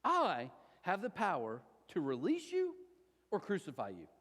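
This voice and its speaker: Here a man acts out a domineering Roman governor who taunts his prisoner in slow, imposing phrases. The voice sits high and swings widely in pitch. Long reverb trails each line from a large room. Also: wildly swooping pitch, fairly bright tone, exaggerated voice.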